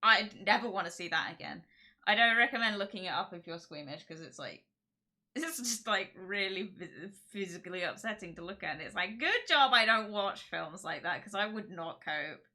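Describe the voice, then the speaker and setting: Giggly woman streamer, bright voice. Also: mid-range voice, expressive, normal speed. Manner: rambling, giggly, self-interrupting. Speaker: streamer host. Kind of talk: casual chat on a livestream.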